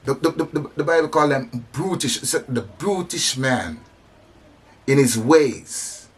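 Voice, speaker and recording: A man of African descent, a speaker on religion and society, delivers an impassioned preaching monologue about compassion, full of emphatic repetitions and restarts. His mid-range voice is expressive with a breathy edge, and he speaks at a measured pace.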